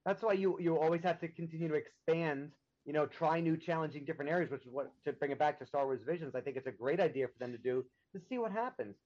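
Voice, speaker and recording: A man appearing as a guest on a casual podcast, cheeky and quick to make jokes. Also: a little high, a little mellow, muffled recording. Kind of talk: casual chat.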